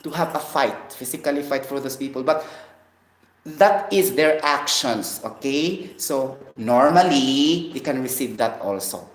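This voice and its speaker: A man's voice: medium pitch, animated, measured pace. A man from the Philippines, vlogging in a rambling, preachy monologue and tagging phrases with a questioning "okay?". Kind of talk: casual vlog monologue. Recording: roomy echo.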